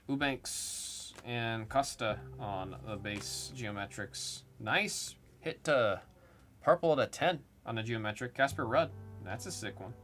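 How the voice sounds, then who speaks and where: A man's voice: mid-range voice, fairly bright tone. A man hosting a live card-opening stream, chatting casually and rambling between calling out the names of cards as he pulls them. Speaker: live card break host. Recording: music playing under the voice. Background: background music.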